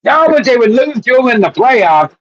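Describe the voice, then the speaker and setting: A man's voice: extremely high pitch, big pitch swings, normal speed, dry recording, dull audio. A man co-hosting a casual sports chat show, rambling and laughing as he tells stories. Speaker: co-host.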